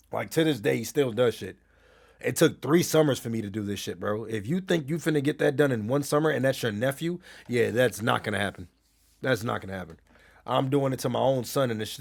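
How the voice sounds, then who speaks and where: A gaming streamer with a medium-pitched, gravelly voice tells blunt, profane stories. He talks in a heated, casual way while reading and answering messages from his chat.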